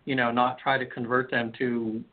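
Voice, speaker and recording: A man's voice: medium pitch, little pitch movement, moderate pace. Guy on a narrow phone line rambling thru a story, lots of ums and restarts, hypnotherapist guest. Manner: rambling, many restarts and fillers. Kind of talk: storytelling in a call-in radio interview.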